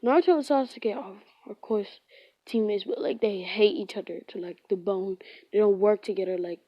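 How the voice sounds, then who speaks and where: A woman's voice: medium pitch, moderate pace, dry recording. A woman casually retelling a fan-fiction story, rambling, with lots of filler words and frequent self-corrections. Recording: dull lo-fi.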